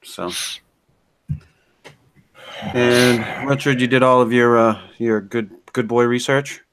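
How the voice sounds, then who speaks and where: A man's voice: mid-range voice, steady tone, takes it slowly, a bit bright, slight background noise. Man, podcast co-host, casual chat, profane, teasing, mock-dramatic, online call from home.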